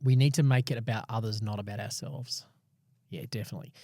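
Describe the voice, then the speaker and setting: A man's voice: lowish voice, steady tone, quick pace, a little mellow, no echo, studio quality. A man co-hosting a podcast, readily agreeing and drawing practical life lessons from a Bible passage. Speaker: podcast co-host. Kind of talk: casual Bible discussion.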